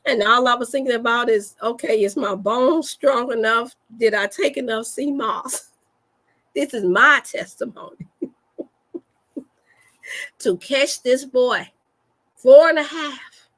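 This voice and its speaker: A woman, a wellness host telling an animated, folksy story to her listeners and laughing often. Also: high-pitched, slow, pauses often. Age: 40s. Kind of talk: storytelling to a live audience.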